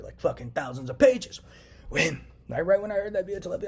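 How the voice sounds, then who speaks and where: A young man rants to camera at a rapid clip, his voice sitting a little higher than most men's. He sounds agitated and swears often as he repeats himself, with a faint hum of room ambience behind him. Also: creaky. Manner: agitated, profane, repetitive ranting. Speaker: vlogger. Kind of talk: solo rant to camera. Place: indoors, at home.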